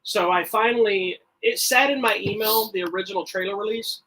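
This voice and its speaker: A middle-aged man co-hosting a podcast, telling stories in a rambling, animated way with frequent restarts. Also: sits high, fairly quick, poor audio. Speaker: podcast co-host. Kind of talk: casual chat.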